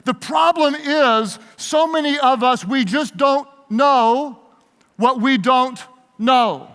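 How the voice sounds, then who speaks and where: A pastor delivers a sermon-style leadership talk in a large hall before a live audience, leading them in call-and-response. His voice is extremely high in pitch, slow, fairly bright, clear and resonant. Long hall reverb colors the recording.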